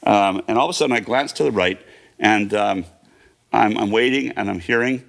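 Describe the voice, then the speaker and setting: A man's voice: fairly low pitch, moderate pace, gravelly, a bit bright. A man in his fifties telling a personal story in a vivid present-tense retelling, with fillers and restarts. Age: 50s. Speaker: guest.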